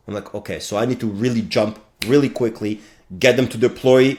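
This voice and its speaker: A man in his late thirties, a guest on a podcast, speaking casually and animatedly, firing out thoughts in quick bursts with playful sound effects. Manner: animated, talks fast in bursts with sound effects like bam and boom. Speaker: guest, fractional CTO.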